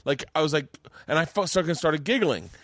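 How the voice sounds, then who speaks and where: A man hosting a casual podcast chat with a fellow comedian, telling stories in an animated, swearing way with stammering restarts. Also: on the high side, normal speed, dry recording, studio quality. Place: home mancave.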